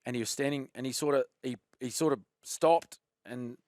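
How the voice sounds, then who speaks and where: Animated Australian man telling footy stories. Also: mid-range voice, moderate pace, no echo, clean studio sound. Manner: animated, laughs often, says "mate" a lot. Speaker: podcast guest, former rugby league player. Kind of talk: casual storytelling chat.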